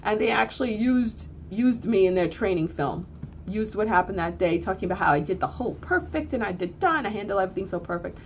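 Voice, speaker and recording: A woman speaking in a casual storytelling monologue. Her talk is blunt and earthy, with casual swearing, and she repeats phrases for emphasis. Her voice sits at a middle pitch, with a faint hum of noise behind it. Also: animated, fairly quick. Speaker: spiritual teacher.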